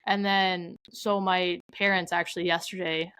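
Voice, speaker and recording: A woman's voice: fairly low pitch, level tone, moderate pace, fairly bright tone, smooth, dry recording, rough recording. A young adult woman from Canada, a podcast guest telling stories in casual, rambling chat, full of "like" and quoted asides. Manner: chatty storyteller, heavy use of "like".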